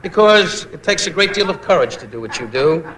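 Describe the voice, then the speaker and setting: A man doing rapid-fire insult comedy at a roast, mimicking voices. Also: on the high side, sing-song. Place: banquet hall stage. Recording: old roast broadcast, roomy, loud noise.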